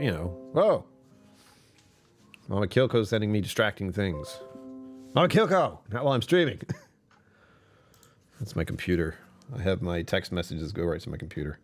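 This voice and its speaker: Chatting with viewers on his own channel, a man runs a casual livestream where he rambles, chuckles a lot, and puts himself down. His voice is deep and at times goes lower still.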